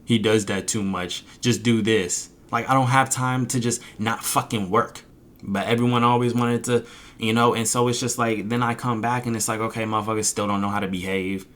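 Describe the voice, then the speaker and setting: A man's voice: mid-range voice, level tone, brisk, fairly bright tone. A young man, a streamer, venting angrily and profanely about his chat, mocking them in quoted voices. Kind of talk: frustrated vent to camera.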